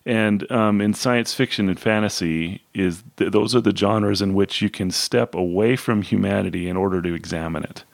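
A man with a low voice talks over books in a relaxed chat. He is thoughtful and hesitant, restarting his sentences, and the recording is close and dry. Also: moderate pace, creaky, few pauses, no echo. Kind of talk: casual book discussion.

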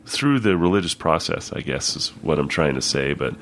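A man's voice: very deep voice, expressive, moderate pace, fairly bright tone, a little hiss or hum. A man in casual conversation about a book, often laughing and speaking hesitantly. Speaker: book discussion co-host.

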